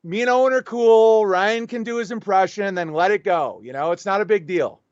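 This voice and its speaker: This high-voiced man, a show guest, talks at a moderate pace while acting out both halves of a conversation in a lively anecdote during a casual interview. It's a dry recording with the highs cut off.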